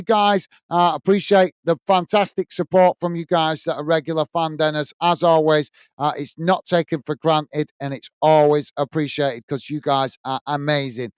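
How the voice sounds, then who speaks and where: A man's voice: on the high side, clear, resonant tone, no echo, studio quality. A man from the UK hosting a casual livestream, reading out viewer comments and giving friendly sign-offs with lots of fillers. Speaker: livestream host.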